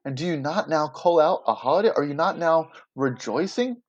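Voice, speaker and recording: A man's voice: a little high, animated, moderate pace. A man voicing an indignant Roman official who angrily scolds a crowd with rhetorical questions, recorded with dull lo-fi audio.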